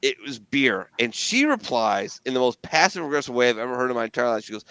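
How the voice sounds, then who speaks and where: Animated middle-aged man telling stories. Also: mid-range voice, quick pace, hardly any pauses, clear, resonant tone, no echo, lo-fi sound. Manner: animated storytelling with profanity and laughter. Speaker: podcast host. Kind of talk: casual chat.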